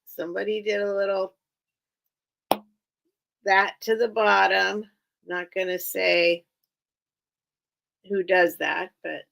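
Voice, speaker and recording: Slow, gravelly-voiced woman chatting. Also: mid-range voice, fairly bright tone. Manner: chatty, rambling, giggles often. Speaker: online seller hosting a live sale. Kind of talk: casual live-stream sales chat.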